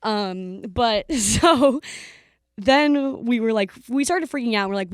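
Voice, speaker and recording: A young woman co-hosting a podcast in casual chat, telling stories with lively acted-out quotes. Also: a little high, slow pace, clean tone, dry recording, studio quality. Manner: animated storyteller, acts out quotes. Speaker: podcast co-host.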